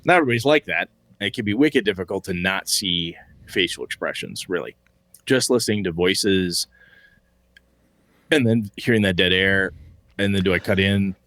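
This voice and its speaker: Man, low voice, casual podcast co-host, rambling, swears freely, dry close sound. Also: moderate pace, long pauses, a bit bright, no echo. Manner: rambling, swearing, reads listener mail aloud.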